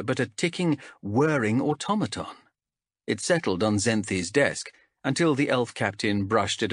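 A man narrating a fantasy audiobook in a measured, expressive storytelling manner. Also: fairly low pitch, husky, no room sound, clean studio sound.

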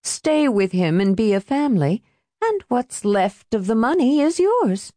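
A woman's voice: on the high side, sing-song, a little slow, dark tone, dry recording, clean studio sound, pitched above the performer's own voice. A woman voicing a prim, tightly wound middle-aged woman who is defensive and scolding, in an audiobook reading. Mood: pleading.

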